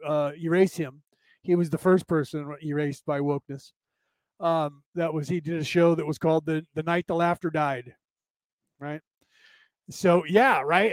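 A man's voice: a little high, darkish tone, no echo. A man hosting a casual spiritual talk show, rambling, repeating himself and often asking "right?" as he reads comments from his listeners. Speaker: podcast host.

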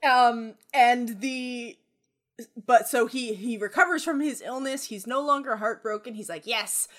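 Young woman podcast host, higher voice, loose, profane storyteller who giggles. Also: measured pace, fairly bright tone. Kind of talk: casual storytelling.

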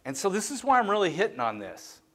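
A man's voice: high-pitched, huge pitch swings, quick pace, fairly bright tone. A middle-aged man preaching a sermon in a candid, self-deprecating, conversational way, talking to the congregation like friends. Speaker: pastor.

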